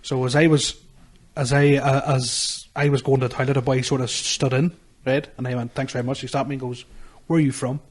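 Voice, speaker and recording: A man's voice: mid-range voice, flat delivery, fairly quick. A man with a Northern Irish accent, co-hosting a podcast and telling anecdotes in casual, swearing chat. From Northern Ireland. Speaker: podcast co-host.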